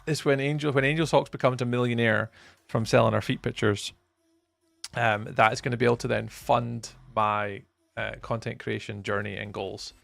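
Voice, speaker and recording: A man's voice: medium pitch, fairly even intonation, moderate pace, creaky, a bit bright, dry recording. A man streaming a game, chatting casually with his viewers while he plays. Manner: chatty, talks to chat while playing. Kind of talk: casual live-stream chat.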